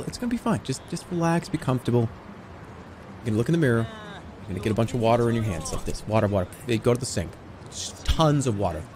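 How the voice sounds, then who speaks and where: A man streaming, goofing around and swinging between low mumbles and shouts. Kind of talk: livestream commentary.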